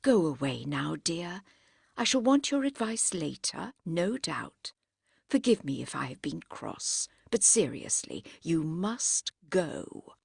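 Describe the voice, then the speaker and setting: A woman reading a firm, proud Edwardian lady who speaks crisply and does not yield. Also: sits low, sing-song, slow, no room sound, clean studio sound, full character voice. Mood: gentle. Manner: crisp and unyielding.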